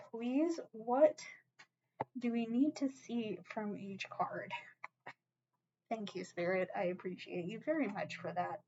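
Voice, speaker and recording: A woman giving a casual tarot reading to her viewers, chatty and reassuring, often checking in with a quick "okay?". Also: mid-range voice, darkish tone, highs cut off, a little hiss or hum. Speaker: tarot reader.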